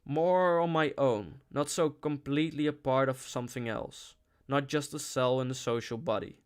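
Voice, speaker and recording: Brooding discontented young man, earnest, insistent, a bit louder, audiobook, read by a man. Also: medium pitch, normal speed, clear, resonant tone, natural voice.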